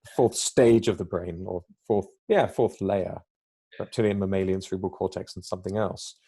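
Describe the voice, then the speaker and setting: Podcast guest, male, mellow dark tone, reflective explainer. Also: low voice, steady tone, normal speed, husky. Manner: reflective, explains ideas at length, acts out little quoted exchanges. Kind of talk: conversational podcast talk.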